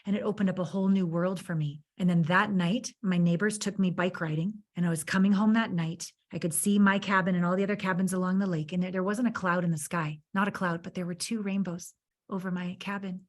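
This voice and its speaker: A woman's voice: fairly low pitch, steady tone, a little fast. A woman guest on a podcast interview, talking earnestly and from the heart and building her stories with emphatic repetition. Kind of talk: conversational interview storytelling.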